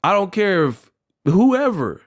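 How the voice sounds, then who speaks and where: Animated man hosting a livestream. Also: sits high, slow. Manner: animated, freestyles rhymes, reads donations aloud. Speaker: livestream host. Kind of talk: casual livestream commentary.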